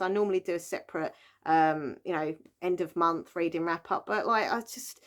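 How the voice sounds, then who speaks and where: British woman, mid pitch, chatty book vlogger, rambling, laughs a lot. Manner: chatty, rambling, laughs often, many fillers. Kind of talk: casual chat.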